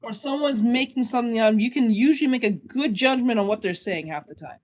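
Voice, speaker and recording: A man's voice: very high-pitched, fairly quick, a little mellow, a little hiss or hum. A man giving blunt, crude reaction commentary on a clip, often laughing at his own jokes.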